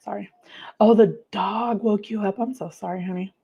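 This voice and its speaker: A woman hosting a casual livestream, chatting warmly with viewers, gushing and trailing off with many fillers. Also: medium pitch, fairly even intonation, moderate pace, creaky, muffled recording, slight background noise. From United States. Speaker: livestream host.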